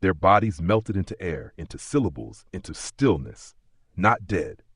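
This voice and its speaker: A man narrates an audiobook in a measured, solemn voice, pausing often. His tone is low and husky, recorded dry and close. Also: very animated, no echo. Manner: measured, solemn, many pauses. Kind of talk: scripted narration.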